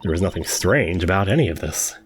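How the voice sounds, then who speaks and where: An actress voicing a cryptic, aloof young woman in a video game who speaks slowly and enigmatically. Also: rumbling low, expressive. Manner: cool, slow, enigmatic.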